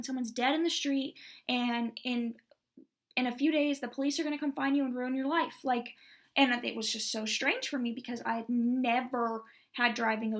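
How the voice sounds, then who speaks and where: A woman's voice: sits high, vocal fry. A young woman in her twenties telling a candid personal story on her vlog, rambling and saying "like" a lot. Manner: candid, rambling, heavy use of "like". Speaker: vlogger.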